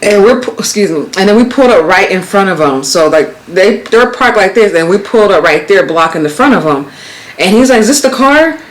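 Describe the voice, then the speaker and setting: American lady in her 30s vlogging, chatty storytelling, gets loud and heated, cusses. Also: medium pitch, fairly quick, poor audio. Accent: American, Las Vegas. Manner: animated, swearing, rising to exclaim in quoted retellings. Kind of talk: casual storytelling.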